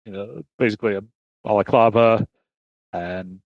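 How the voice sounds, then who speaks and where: A man narrating a tabletop game as game master, halting with many fillers. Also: fairly low pitch, no echo, narrow, tinny audio.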